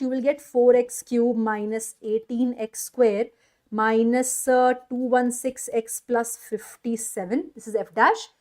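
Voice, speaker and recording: A woman maths teacher with an Indian English accent, giving an energetic online exam-prep lecture and coaxing students with questions. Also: high-pitched.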